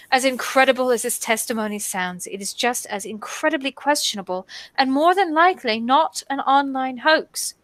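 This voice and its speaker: A woman co-hosting a stream, reading a news article aloud with wry, deadpan asides. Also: medium pitch, no room sound.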